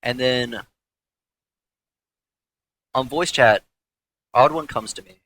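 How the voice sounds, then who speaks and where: A young man, a former pro gamer, telling a candid, swearing story in casual talk with frequent halting restarts. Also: mid-range voice, fairly bright tone, low-quality recording.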